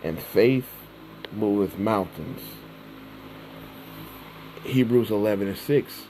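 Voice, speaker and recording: A man giving an informal sermon, reading scripture slowly and then retelling it in everyday words, often checking in with "all right?". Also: lowish voice, mellow, a little hiss or hum, low-quality recording. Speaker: preacher.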